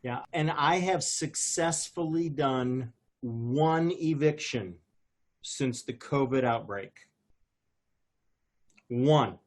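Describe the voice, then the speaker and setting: A man's voice: medium pitch, takes it slowly, long pauses. Nitpicking man explaining the law. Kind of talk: casual webinar talk.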